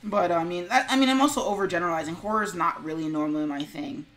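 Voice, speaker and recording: A woman streamer talks fast in a fairly bright, lowish voice while working on an animation. She chats casually with viewers, rambling with plenty of fillers and mumbling to herself.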